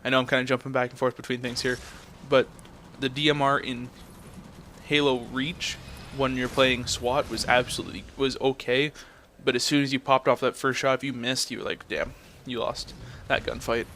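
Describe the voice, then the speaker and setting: A man's voice: medium pitch, level tone, moderate pace, sharp tone, slight background noise. A young man ranting in a blunt, profane way, telling a story and then commenting on his game footage. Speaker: gameplay commentator.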